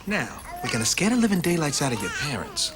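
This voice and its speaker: A man's voice: fairly high pitch, huge pitch swings, fast. A man playing a cocky male ghost who bosses a baby around, brash and wisecracking. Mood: bossy. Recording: film audio with music and long reverb.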